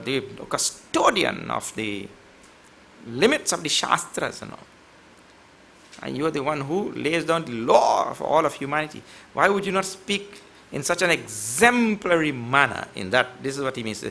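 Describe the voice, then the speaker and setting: A man's voice: medium pitch, animated, moderate pace, gravelly, sharp tone. A man giving a devotional scripture lecture, chanting verses and explaining them with a playful, teasing manner toward his class.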